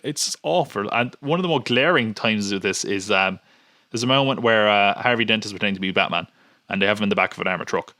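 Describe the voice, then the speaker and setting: A man's voice: fairly low pitch, quick pace, pushed and bright, dry recording, studio quality. A man hosting a podcast in casual chat, rambling and nitpicking with many restarts. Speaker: podcast host.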